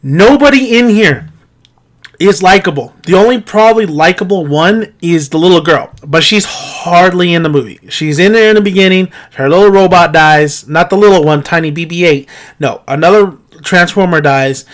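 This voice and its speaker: A man's voice: sits high, moderate pace. A man giving an exasperated, profane film-review rant, firing off incredulous rhetorical questions and laughing between points. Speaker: movie reviewer.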